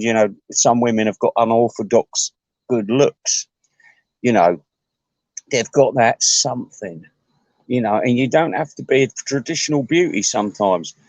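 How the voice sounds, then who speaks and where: A man rambles through a crude comic rant, stumbling into restarts and sudden asides. His voice sits at an ordinary middle pitch. The sound is dry and close, with no room around it. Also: normal speed, darkish tone, dry recording.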